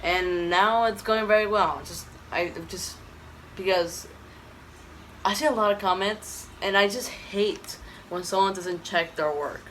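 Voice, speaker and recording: A woman's voice: medium pitch, a little slow, fairly bright tone, slight background noise, rough recording. A woman with a Texan accent rambling through an opinionated casual vlog, tired and correcting herself often. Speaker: YouTube vlogger. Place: indoor room, dim lighting.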